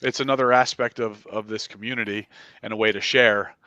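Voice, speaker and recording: A man from New York with a New York accent, a podcast guest chatting in a relaxed way with many fillers. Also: lowish voice, fairly quick, dry recording, highs cut off. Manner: relaxed, filler-heavy talk. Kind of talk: casual chat.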